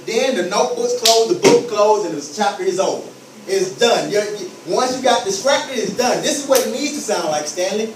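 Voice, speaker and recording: Man, motivational speaker, high voice, emphatic and repetitive, distant mic, faint room noise. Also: lively intonation, brisk, echoey room. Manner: emphatic, repeating phrases, acts out scenes. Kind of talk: motivational talk to students.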